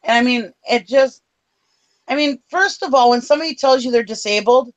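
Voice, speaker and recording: Her voice a little high and her pace brisk, a woman co-host vents through an angry story in casual conversation, swearing freely. The recording's high frequencies are cut off.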